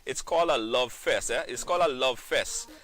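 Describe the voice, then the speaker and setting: A man hosting a live-stream talk show, animated, repeating phrases and breaking into sing-song shout-outs to viewers. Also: medium pitch, normal speed, faint music behind. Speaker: host.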